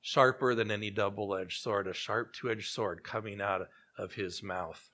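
Animated male preacher, hushed drops. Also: fairly low pitch, unhurried, few pauses. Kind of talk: sermon.

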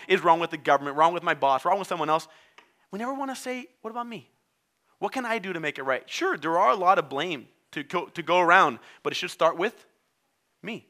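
A non-native English-speaking man preaching a sermon, telling the story in an animated way and acting out its characters. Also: high voice. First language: not English.

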